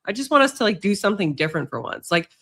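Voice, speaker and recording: A woman's voice: mid-range voice, sing-song, very fast, fairly bright tone. A Canadian woman with a Canadian accent, a podcast guest chatting casually about politics, laughing often and swearing now and then.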